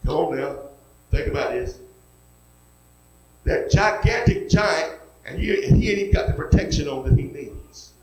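Man preaching, folksy storyteller, slightly high voice, roomy echo. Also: moderate pace, long pauses, dull audio. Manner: folksy, acts out each character in lively retelling. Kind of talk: sermon storytelling.

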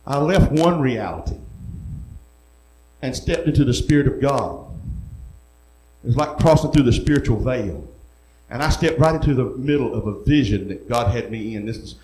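A man gives his testimony from the pulpit. He tells it in an earnest, folksy storytelling way, at an ordinary pitch for a man. His voice rings in an echoey room. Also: a little mellow, a little hiss or hum. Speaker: preacher. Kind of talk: sermon testimony.

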